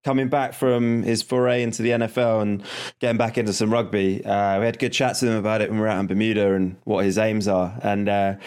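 A man co-hosting a rugby podcast, summarising a news story in a measured, thoughtful way. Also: medium pitch, a little mellow. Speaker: podcast co-host. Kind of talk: casual chat.

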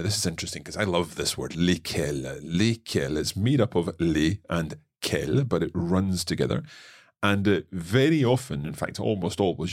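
A man's voice: deep voice, slightly rough, dry recording, clean studio sound. A man with a Scottish accent, hosting a language lesson and patiently explaining a text line by line. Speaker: French teacher and podcast host.

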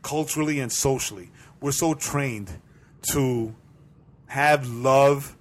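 An earnest man co-hosts a casual faith podcast with a husky edge to his voice. He explains his beliefs in a preachy, measured way and keeps asking "right?" to pull the listener along. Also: medium pitch. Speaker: podcast co-host.

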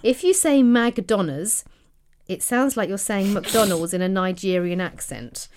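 A woman from England co-hosts a casual chat podcast. She talks in a chatty, animated way and laughs easily. Her pitch swings widely from line to line. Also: normal speed, a little hiss or hum. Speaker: podcast co-host.

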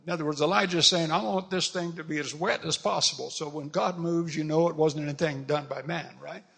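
A man's voice: a little high, a little fast, creaky, few pauses, slightly rough. Preacher man in a reverberant hall. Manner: reads scripture aloud with lively, humorous asides. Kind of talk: sermon with scripture reading.

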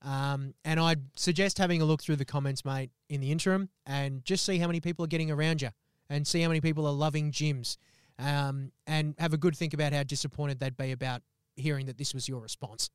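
A man's voice: on the high side, brisk, clean tone, no echo, clean studio sound. A young man co-hosting a podcast, telling a story in casual chat, swearing often and acting out quotes. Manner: swears constantly, animated retelling with acted quotes. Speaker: podcast co-host.

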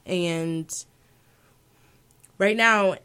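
A woman's voice: on the low side, extremely slow, bright, forceful tone, smooth. A woman in her twenties, an aspiring opera singer, answering interview questions thoughtfully, with many fillers and self-corrections. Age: 20s.

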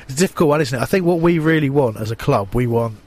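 Man, sports radio regular, studio mic, mid pitch, playful conspiratorial tone, laughs. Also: expressive, fast talker, darkish tone. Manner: jokey, playfully secretive, laughs. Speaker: radio show regular, club insider pundit. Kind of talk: casual studio banter.

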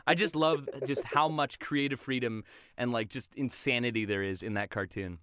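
A young man chatting casually on a podcast about cartoons, animated and quick to break into loud impressions. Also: mid-range voice, clear, resonant tone, no echo, studio quality.

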